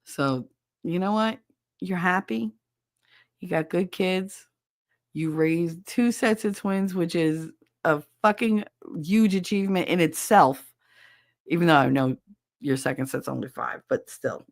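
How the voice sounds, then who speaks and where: A woman's voice: lowish voice, slow, long pauses, no room sound, studio quality. A woman hosting a podcast, chatting casually with listeners, blunt and swearing freely. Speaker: podcast host reading listener chat. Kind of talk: casual chat.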